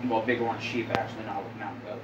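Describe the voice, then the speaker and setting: A man's voice: lowish voice, fairly even intonation, rapid-fire, reverberant, muffled recording, very noisy. A young man hosting, giving casual, crude and rambling commentary with a joking manner. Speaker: host.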